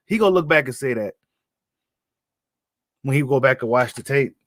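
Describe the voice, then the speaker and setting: Man, fairly high-pitched, casual livestream commentary, blunt slangy talk, dry recording. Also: very animated, a little fast, pauses often, fairly bright tone, no echo. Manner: blunt, slangy, repeats himself. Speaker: boxing commentator host. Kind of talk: casual live-stream commentary.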